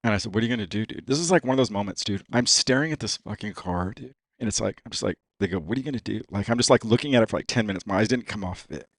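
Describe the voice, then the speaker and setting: Barely pausing, a racing driver guest talks fast in a lowish voice, with no echo in the podcast studio. His casual chat is profane and packed with "dude."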